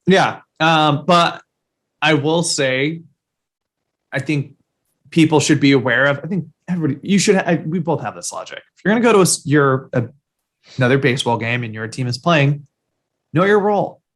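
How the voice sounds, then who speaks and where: A man's voice: a little high, lively intonation, normal speed, fairly bright tone. A man co-hosting a sports podcast in loose, rambling casual chat, with lots of fillers and casual swearing. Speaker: podcast co-host.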